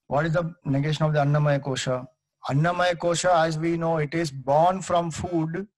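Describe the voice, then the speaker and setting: Indian male teacher, fairly high husky voice, dry close sound, patient storytelling lecture. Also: fairly even intonation, a little slow, pauses often, no room sound, rough recording. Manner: explains patiently, tells stories with acted-out quotes; mixes in Hindi phrases. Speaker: Vedanta teacher. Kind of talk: spiritual lecture.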